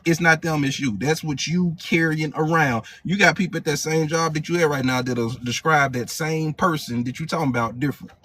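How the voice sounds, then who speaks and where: A man's voice: fairly high pitch, fairly even intonation, a little fast, few pauses, a bit bright. A male hypnotherapy coach leading a live motivational training, emphatic and repetitive, in casual slang.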